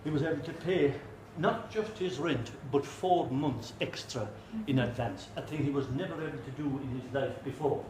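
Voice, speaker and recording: A man with an Irish accent telling a folk tale live in an animated way, full of comic asides. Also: mid-range voice, normal speed, hardly any pauses, echoey room, a little hiss or hum, poor audio. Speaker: storyteller.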